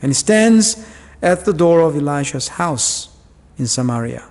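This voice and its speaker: A man's voice: a little high, lively intonation, measured pace, darkish tone. A male pastor preaching a sermon in a church, explaining Bible verses in a conversational way with asides and fillers. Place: church hall. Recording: long church reverb.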